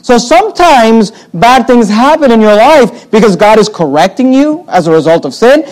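A man's voice: extremely high pitch, very animated, moderate pace, darkish tone, rough recording. A man preaching a sermon, speaking emphatically, repeating his points and reading old-style scripture verses aloud.

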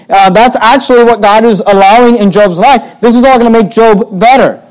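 A man's voice: extremely high pitch, a little mellow, rough recording. A man preaching a sermon, speaking emphatically, repeating his points and reading old-style scripture verses aloud.

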